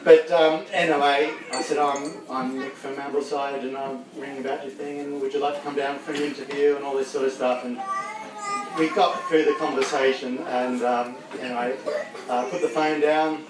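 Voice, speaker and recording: Guy rambling thru a sentimental speech, choking up, echoey hall, noisy. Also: mid-range voice. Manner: rambling, self-deprecating, choking up. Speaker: speaker at a farewell gathering. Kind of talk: heartfelt speech to a crowd. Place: large room with a crowd. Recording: echoey hall, mic from far off.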